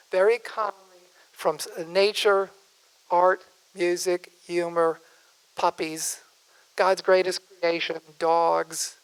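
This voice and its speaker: A man's voice: sits high, fairly bright tone, clean tone, rough recording. An older man, a physician, giving a conversational public speech in a folksy way, wandering off on asides and restarting his sentences. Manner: folksy, digressive, self-interrupting.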